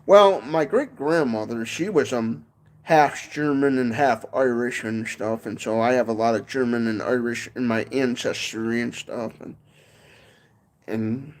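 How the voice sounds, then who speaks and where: A man's voice: mid-range voice, measured pace, darkish tone. A man with a Michigan accent chatting casually on a livestream from his porch, rambling and often tacking on "and stuff". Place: home porch, outdoors.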